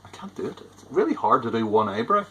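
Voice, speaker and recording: A homebrewer rambles casually through his home-brewing vlog, poking fun at himself as he goes. His mid-range voice is very animated, fast and sharp-toned, and the recording quality is low.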